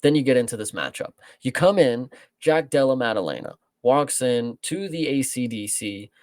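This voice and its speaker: A man's voice: medium pitch, lively intonation, moderate pace, a little mellow, no echo. A man co-hosting a casual show breaking down fights, rambling and swearing freely. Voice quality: gravelly, profane, rambling. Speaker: co-host.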